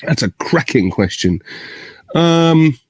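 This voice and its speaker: A man's voice: on the high side, animated, slow pace, a little mellow, no room sound. Rambling man on a video call. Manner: rambling, thinks aloud, self-interrupting, good-humoured. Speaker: actor answering fan questions. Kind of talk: casual virtual Q&A.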